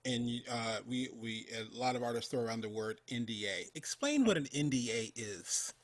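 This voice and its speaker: A man's voice: medium pitch, animated, normal speed. Man, livestream host, casual interview, joking, chatty. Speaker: summit host.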